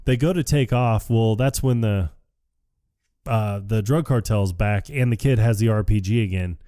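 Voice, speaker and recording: A man casually recapping a film on a podcast, acting out the characters' lines with animated voices. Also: on the low side, normal speed, no echo, studio quality. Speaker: podcast co-host.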